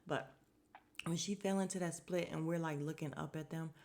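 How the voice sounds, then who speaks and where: A woman podcast host giving a casual, chatty episode recap, expressive, with slangy asides to listeners and frequent laughs. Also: low voice, moderate pace, vocal fry, a little hiss or hum.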